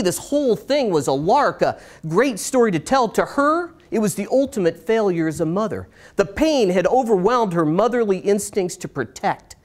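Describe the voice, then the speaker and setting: A middle-aged man performs a personal story for a live audience. His delivery swings between brighter, lifted passages and quiet, slowed moments. He leans on dramatic pauses. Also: high voice. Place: stage in a small performance space.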